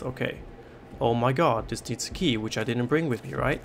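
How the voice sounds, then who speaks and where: Gravelly guy freaking out over a horror game, keeps swearing and repeating himself, faint hiss behind him. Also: medium pitch, moderate pace. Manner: panicky, swearing, repeating himself under stress. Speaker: gaming YouTuber. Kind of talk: horror game let's play commentary.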